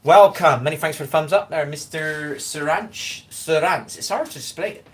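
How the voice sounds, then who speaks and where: A man with a West Country English accent, short on sleep and tired, hosts a rambling, chatty livestream from home on his phone, reading out chat names. His voice is fairly high and his pace quick.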